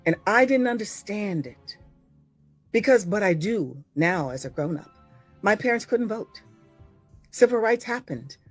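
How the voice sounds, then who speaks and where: An older American actress giving a blunt, profane, impassioned monologue to her followers, swinging from low murmurs to loud exclamations. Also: animated, normal speed, soft background music. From United States.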